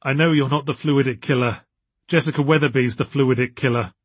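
A man's voice: medium pitch, fairly even intonation, brisk, slightly rough, no room sound, lightly acted. A man voicing a nervous, anxious but determined young woman in a raised, tense voice.

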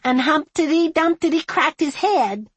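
A woman's voice: lively intonation, takes it slowly, no room sound. A squealing little girl. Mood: excited. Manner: high squealing singsong chant. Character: excited little girl, bouncy and giggly.

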